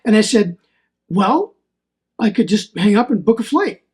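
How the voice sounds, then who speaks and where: A man's voice: high-pitched, very animated, measured pace, darkish tone. A man hosting a solo faith podcast, telling a personal story in an earnest, rambling way and often repeating his words. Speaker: podcast host.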